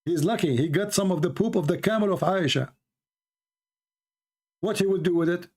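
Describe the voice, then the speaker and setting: A man's voice: sits high, moderate pace, a little mellow, breathy edge. A man from the Middle East whose first language is Arabic, giving mocking, sarcastic commentary over a video he is playing. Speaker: religious commentator.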